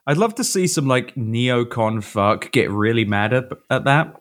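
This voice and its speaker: British bloke on a podcast, swears a lot, self-mocking, lively up and down voice. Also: male voice, mid-range voice, unhurried. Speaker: podcast co-host. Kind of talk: casual chat.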